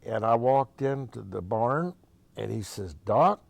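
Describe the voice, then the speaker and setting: A man's voice: on the low side, a little slow, gravelly, darkish tone, no room sound. An older man from Oregon, a musician as interview guest, telling long folksy anecdotes in a chatty way with frequent restarts. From Oregon, USA. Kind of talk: casual storytelling.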